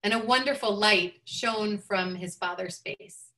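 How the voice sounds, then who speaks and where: A woman rabbi telling a teaching story in an expressive way, lifting her voice for quoted speech. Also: medium pitch, measured pace.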